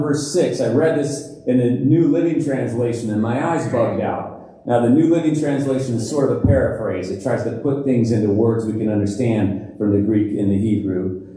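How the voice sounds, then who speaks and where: Middle-aged pastor in an echoey sanctuary. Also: male voice, medium pitch, mellow. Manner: conversational, chuckles at his own jokes. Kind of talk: sermon. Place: church sanctuary. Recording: very echoey church hall.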